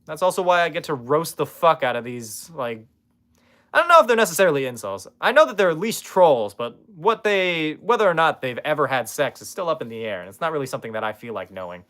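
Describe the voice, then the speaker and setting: A man's voice: on the high side, very animated, quick pace, bright, forceful tone. Sarcastic man chatting on a live stream. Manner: sarcastic, roasting viewers, swears freely. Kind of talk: casual live-stream chat. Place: his own room.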